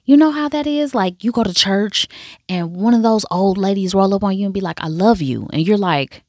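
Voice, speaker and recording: Animated woman recapping a TV show. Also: medium pitch, brisk, dry recording, clean studio sound. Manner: animated storytelling, acts out characters' lines, calls listener "baby". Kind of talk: casual show recap and commentary.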